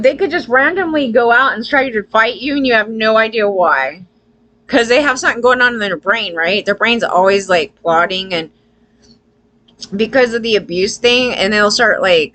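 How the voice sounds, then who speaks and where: A vlogger with a mid-range, fairly bright voice delivers a loose, profane opinion rant to her viewers. She often tacks "right?" onto her lines and acts out the people she quotes.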